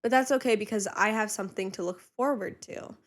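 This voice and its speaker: A young woman co-hosting a podcast from a home studio. She talks in a chatty way and laughs often. Her pitch sits in the middle. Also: brisk. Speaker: podcast co-host. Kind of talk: casual family podcast chat.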